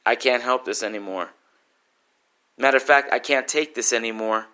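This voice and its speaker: Intense spoken-word man, bright clear voice. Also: mid-range voice, moderate pace. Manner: emotional, intense, pleading.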